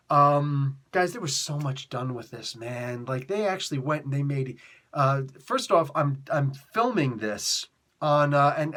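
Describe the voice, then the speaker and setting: A man casually retelling a comic book story, acting out the characters' lines, coughing and losing his voice. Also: medium pitch. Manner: animated, acts out characters' lines with laughs.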